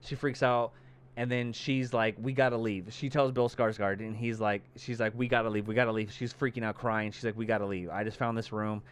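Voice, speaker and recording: On a podcast he co-hosts, a man casually retells a movie plot and performs the characters' lines himself. His voice is lowish, brisk, clear and resonant, and he tells the story with animated energy and a lot of cursing.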